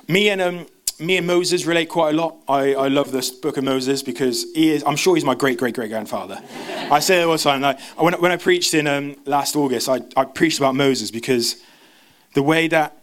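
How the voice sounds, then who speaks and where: A man preaching a sermon, talking fast with frequent restarts and stumbles. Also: medium pitch. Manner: fast, stumbling, self-interrupting.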